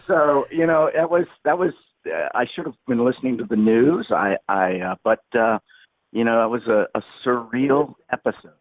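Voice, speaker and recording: Over a thin, phone-like connection with no room sound, a guest on a podcast interview spins a long, meandering story, vividly voicing each quote. He's in his sixties and talks at normal speed at a medium pitch.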